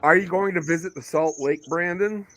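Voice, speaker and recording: A man's voice: fairly high pitch, normal speed, fairly bright tone. A man hosting a casual chat, joking and swearing, laughing often.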